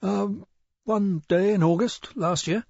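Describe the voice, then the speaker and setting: A man voicing a nervous, hoarse middle-aged male shopkeeper in an audiobook, hesitant and stammering. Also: high voice, takes it slowly, darkish tone, dry recording, dull audio, voice pushed up, full character voice. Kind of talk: audiobook character voice.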